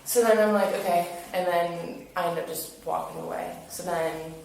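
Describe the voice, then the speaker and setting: This young woman, an interviewee describing an incident, speaks at a moderate pace in a steady tone, her voice on the low side, creaky and slightly mellow. She's chatty and filler-heavy, voicing other people's lines as she goes. The interview room echoes, she's distant from the mic, and there's hiss.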